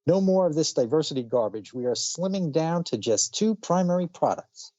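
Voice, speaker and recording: Cutthroat comic-book villainess CEO, read by a man, a little higher than his own voice, boastful and brisk. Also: animated, dark tone, dry recording, dull audio, natural voice. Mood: scheming. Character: ruthless greedy female corporate villain CEO.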